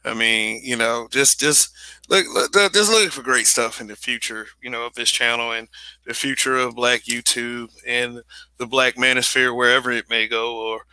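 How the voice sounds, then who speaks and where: Blunt, bright-voiced male livestream host. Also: mid-range voice, steady tone, normal speed, clean tone, no room sound. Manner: blunt and profane, with frequent restarts and repeated phrases. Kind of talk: casual livestream commentary.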